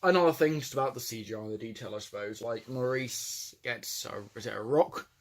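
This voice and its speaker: A man's voice: mid-range voice, a little fast. A young man co-hosting a casual film podcast, rambling with many restarts. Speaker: podcast co-host.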